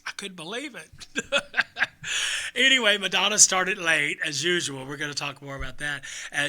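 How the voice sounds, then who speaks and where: A middle-aged male talk show host with a fairly high, very bright and piercing voice. He runs a loose, campy opening monologue, cracking jokes and poking fun at himself between updates. His delivery is chatty and playful throughout. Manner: joking, campy, self-mocking.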